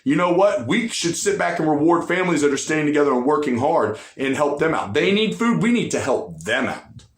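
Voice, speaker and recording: A man's voice: a little high, big pitch swings, a little fast, few pauses, reverberant, slight background noise. A man giving blunt, profane political commentary, ranting with emphasis and repeating lines for punch.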